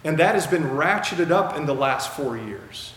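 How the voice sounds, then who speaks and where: A man's voice: a little high, animated, normal speed, a bit bright. A male pastor preaching a sermon in an emphatic way, repeating key phrases for effect. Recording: echoey room with faint background hiss.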